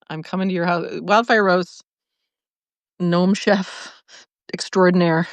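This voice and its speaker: A woman hosting a live video, reading out viewer comments and answering in an animated way, laughing often and restarting her sentences. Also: fairly low pitch, normal speed, long pauses, no echo. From lived in Chicago, now in California. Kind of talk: casual live-stream talk.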